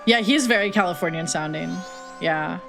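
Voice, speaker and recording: A woman's voice: lowish voice, moderate pace, vocal fry, music in the background. A woman from Texas streaming a game, chatting casually and swearing freely as she reacts. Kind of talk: casual gaming livestream chat.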